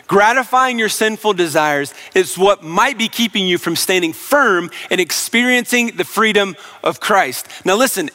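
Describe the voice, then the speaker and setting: A man's voice: sits high, pushed and bright. A man preaching a sermon as pastor, earnest, with rhetorical questions and repeated calls to listen.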